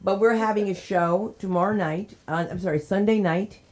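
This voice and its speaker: A woman from New Jersey hosting an open mic night, doing stand-up bits between introductions, laughing often and shouting during stories. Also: mid-range voice, normal speed, very noisy. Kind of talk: stand-up comedy and emceeing.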